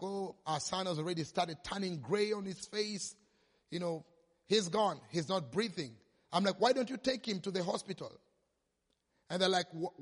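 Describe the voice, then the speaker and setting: A man's voice: on the high side, breathy edge. A male pastor telling a story in a sermon, acting out the quoted voices. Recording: long hall reverb.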